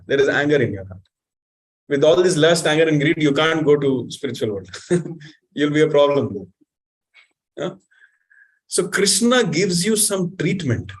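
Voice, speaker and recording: A man giving an animated sermon, questioning the audience and reciting Sanskrit verses. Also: on the high side. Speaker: spiritual teacher.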